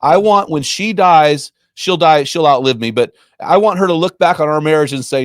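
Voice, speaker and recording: A man's voice: on the high side, normal speed, hardly any pauses, dry recording, studio quality. Emphatic man speaking with preacher-like fervor. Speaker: ministry founder and guest. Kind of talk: impassioned Christian talk.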